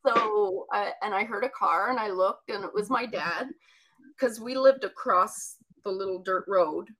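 A woman's voice: mid-range voice, unhurried, a bit bright, low-quality recording. A woman telling a personal childhood story in conversation, chatty and rambling with many asides.

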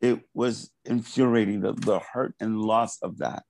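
Low gravelly earnest man. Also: unhurried, a little mellow, poor audio. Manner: earnest, impassioned, repeats words. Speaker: artist guest. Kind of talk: interview conversation.

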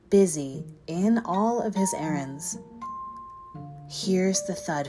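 A woman telling a myth in an expressive storytelling voice that sometimes drops to a whisper. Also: deep voice. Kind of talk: dramatic storytelling. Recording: guitar music behind.

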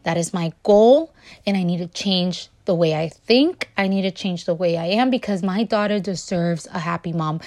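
An earnest young woman shares her own postpartum struggle in a personal vlog. Her voice sits at an ordinary middle pitch. She talks with deep feeling and often stumbles, restarts and repeats her words. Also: darkish tone. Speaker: new mother sharing her story.

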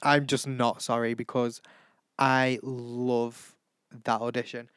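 Chatty teenage lad with a smooth voice. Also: male voice, medium pitch, flat delivery, takes it slowly, a bit bright, no room sound. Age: teens. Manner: chatty, gushing, camp, breaks into impressions and sung snippets. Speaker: vlog host. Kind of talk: casual chat.

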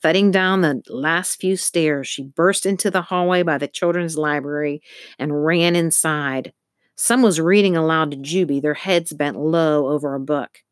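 Low-voiced woman reading a storybook. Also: a little slow, no room sound, clean studio sound. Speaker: narrator. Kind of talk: audiobook narration.

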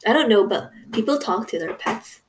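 A woman's voice: a little high, expressive, normal speed, a crowd in the background. A young woman telling a story in a casual podcast chat, rambling with lots of "like" and quoting people. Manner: rambling, fillers like "like", quoting others. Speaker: podcast co-host.

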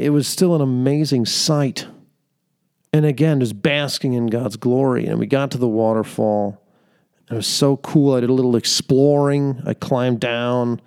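A man's voice: medium pitch, creaky, darkish tone, clean tone. A young man hosting a podcast, telling an earnest faith-based story with fillers and laughter. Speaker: podcast host. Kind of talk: faith-based reflective monologue.

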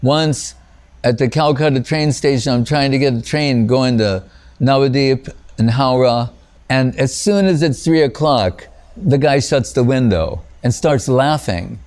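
A man's voice: medium pitch, measured pace, darkish tone. A man giving an informal spiritual talk as a teacher, rambling through stories, often saying "you know" and chuckling at himself. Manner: rambling and anecdotal, frequent "you know", breaks off and restarts; chuckles at his own stories.

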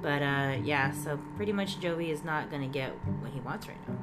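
A woman's voice: deep voice, moderate pace, loud music behind the voice. A woman co-hosting a podcast, casually recapping an episode, chatty and often laughing. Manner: chatty, laughs often, does silly voices. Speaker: podcast co-host.

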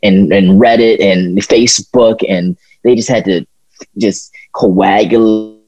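A man's voice: lowish voice, takes it slowly, dull audio. A young man co-hosting a podcast, chatting casually, swearing and stumbling over restarts as he rants. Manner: animated, swearing, stumbling restarts, laughs often. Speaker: podcast co-host. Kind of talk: casual chat.

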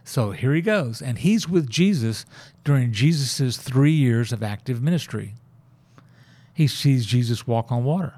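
A man's voice: mid-range voice, expressive, measured pace, dark tone. A man telling a Bible story and his own faith story in a casual, folksy way, acting out the lines he quotes. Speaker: church member sharing his faith story.

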